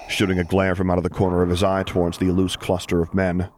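Man reading a story over steady noise. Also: fast, hardly any pauses. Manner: voices dialogue with lifted pitch and stern delivery. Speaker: audiobook reader. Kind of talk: scripted narration of fan fiction.

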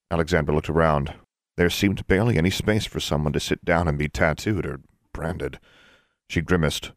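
Male audiobook narrator, very low voice, even and measured, dry booth sound. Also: no room sound. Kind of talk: scripted narration.

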